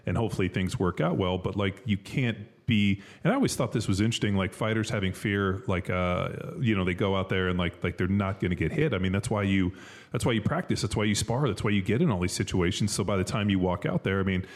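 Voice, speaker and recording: Deep-voiced man in loose podcast chat. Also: fast talker. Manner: loose and profane, lots of fillers. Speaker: podcast co-host. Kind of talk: casual chat.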